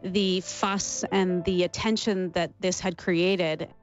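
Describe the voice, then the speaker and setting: A woman in her forties tells her story in an interview, warm and openly emotional, breaking into small laughs as she remembers. The sound is a bit dull and lo-fi, with faint music underneath. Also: lowish voice, fairly even intonation, slow pace. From Canada. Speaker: interview guest, former athlete.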